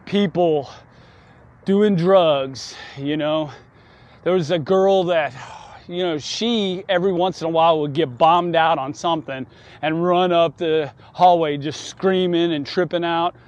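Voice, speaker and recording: A man's voice: fairly high pitch, measured pace, a little mellow, muffled recording. A man telling a story in a casual vlog while riding a bike outdoors, chatty and wry with frequent chuckles. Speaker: vlogger. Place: outdoors on city streets, riding a folding bike.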